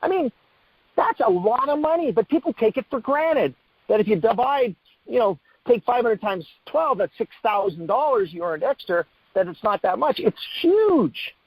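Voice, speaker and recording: Energetic high-voiced man, motivational talk. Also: moderate pace, slightly rough, no echo. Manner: energetic, repetitive, rhetorical questions. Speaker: network marketing trainer hosting a call. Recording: dull muffled call audio, dry.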